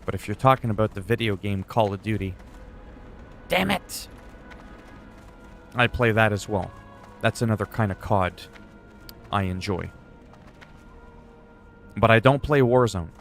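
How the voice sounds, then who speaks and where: A man's voice: lowish voice, moderate pace, pauses often, faint music behind. A man streaming games, chatting in a rambling, joking way with some swearing. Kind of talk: casual chat while gaming.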